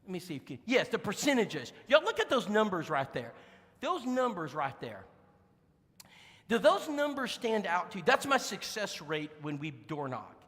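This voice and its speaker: A man preaching, telling folksy stories in an animated, emphatic way to a congregation in a church. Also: sits high, normal speed, in a large hall. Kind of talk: sermon storytelling. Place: church sanctuary.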